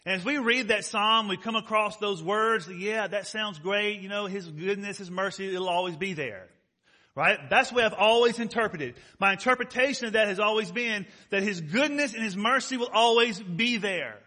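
A male pastor preaching a sermon, emphatic, asking his congregation questions and swinging from loud stressed words to soft, close remarks. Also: high voice, normal speed. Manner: rises loud on key words, drops soft and intimate.

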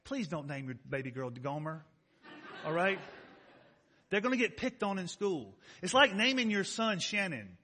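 A man preaching a sermon to his congregation in a conversational way, slowing down to stress key words and often asking rhetorical questions. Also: sits high, sing-song, bright, forceful tone, slight background noise. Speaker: pastor.

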